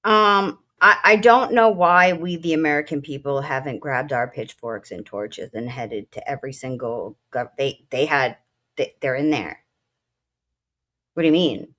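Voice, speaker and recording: A woman's voice: very deep voice, measured pace, a bit bright. A woman co-hosting a casual political talk show, a military veteran who speaks bluntly and emotionally, swearing at times. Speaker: co-host.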